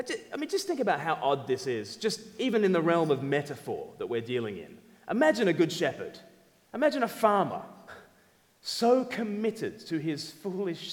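A man preaching a sermon in an animated, emphatic way, acting out quotes. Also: sits high. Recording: long hall reverb.

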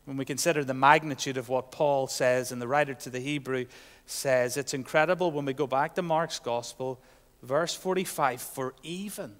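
A man preaching a sermon, earnest, swinging from loud proclamation to soft, hushed asides. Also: medium pitch, normal speed, big-room sound.

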